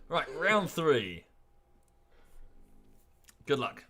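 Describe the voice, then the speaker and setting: A man commenting on his own game stream, chatty and joking. His voice is bright, and his pitch moves freely as he talks. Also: very animated, drawn-out words, slight background noise. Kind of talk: casual gaming commentary.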